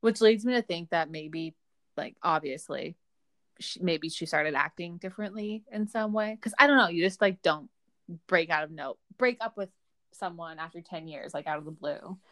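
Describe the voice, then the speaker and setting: A woman's voice: lowish voice, normal speed, fairly bright tone, no echo, studio quality. Easygoing young woman agreeing along. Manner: agreeable, backchannels with mm-hmm, casual. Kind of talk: casual gossip chat.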